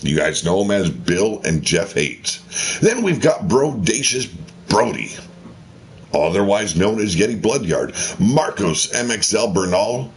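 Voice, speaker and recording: A low-voiced man hosts a wrestling game show with theatrical ring-announcer flair. His delivery swings widely in pitch, unhurried and drawn out, and he throws in swearing asides. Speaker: host of a wrestling game channel.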